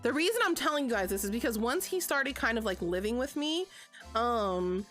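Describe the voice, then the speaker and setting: A vlogger in her thirties tells a story on a livestream through a streaming setup, her fairly high, bright voice full of lively intonation at a moderate pace. She's chatty and profane, dropping "like" constantly between phrases, with faint music behind her.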